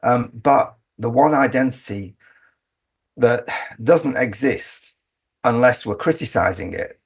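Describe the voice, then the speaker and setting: Man, very husky voice, emphatic interview guest, frequent restarts. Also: medium pitch, lively intonation, takes it slowly. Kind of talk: conversational interview.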